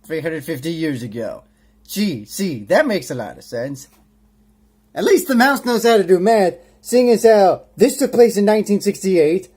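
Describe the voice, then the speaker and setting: A man's voice: high voice, big pitch swings, moderate pace, warm tone. Sarcastic man ranting as he reviews. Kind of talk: sarcastic comedic review commentary.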